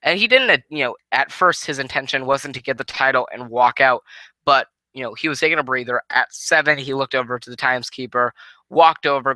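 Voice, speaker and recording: Tired, very bright-voiced man rambling. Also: mid-range voice, smooth, dry recording. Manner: rambling, swearing, frequent restarts. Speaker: wrestling show reviewer. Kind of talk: casual spoken review.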